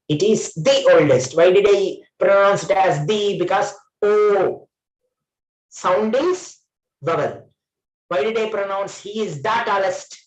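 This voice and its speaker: A man's voice: high-pitched, echoey room, rough recording. A man teaching an online English grammar class, often repeating phrases and correcting himself. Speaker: English trainer.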